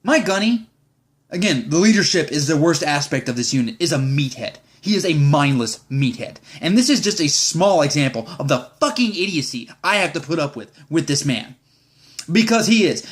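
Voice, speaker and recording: A young man, a Marine sergeant, ranting in a vlog with exasperated, profane, rambling talk. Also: fairly high pitch.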